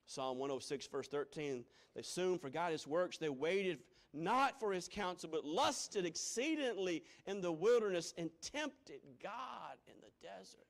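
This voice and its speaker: A man's voice: sits high, expressive, unhurried, vocal fry, hardly any pauses. A man preaching a sermon, building repeated refrains and reading scripture aloud, with frequent chuckles. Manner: repetitive call-and-response cadence, chuckles often.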